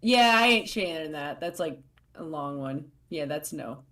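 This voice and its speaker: A woman co-hosting a casual live stream, talking in a halting, easygoing way with lots of fillers. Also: sits low, animated, fairly bright tone.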